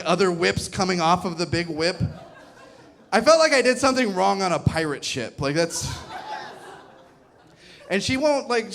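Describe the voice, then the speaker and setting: A male stand-up comedian with a high voice that leaps around as he tells a crude story. His delivery is animated and punctuated by his own laughter. He is on a comedy club stage, speaking into a handheld mic. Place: comedy club stage before a live crowd.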